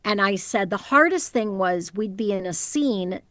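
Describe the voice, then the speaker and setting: Woman, middle-aged voice actor, animated storyteller, casual interview, dry close sound, home booth. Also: mid-range voice, normal speed, no echo. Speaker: voice actor guest.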